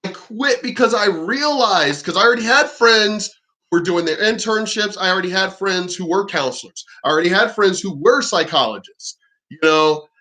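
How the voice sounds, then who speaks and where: A man vents in a loose vlog rant, blunt and profane. His voice sits high and rings bright. He rambles and restarts mid-thought, sounding fed up rather than polished. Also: expressive, normal speed. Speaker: vlogger. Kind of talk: unscripted ranting commentary.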